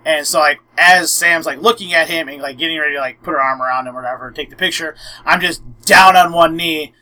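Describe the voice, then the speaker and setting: Bright-voiced young man telling a story. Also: on the high side, fast, poor audio. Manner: animated, acts out quotes, frequent "I'm like". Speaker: podcast host. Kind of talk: casual storytelling chat.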